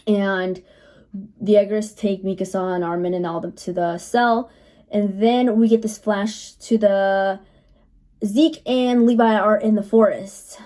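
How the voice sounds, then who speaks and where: Woman reviewer, relaxed mellow tone, easygoing chatty recap with filler words. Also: medium pitch, a little slow. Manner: chatty, loose storytelling with many fillers. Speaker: anime reviewer. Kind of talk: casual episode recap.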